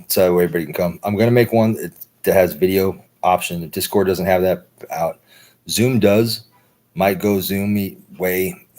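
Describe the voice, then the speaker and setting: A man's voice: low-pitched, a little mellow. An American man hosting a livestream, rambling loosely and swearing a lot, often checking in with "right?". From United States. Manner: loose, profane, repeats "right?". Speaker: livestream host. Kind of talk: rambling casual monologue.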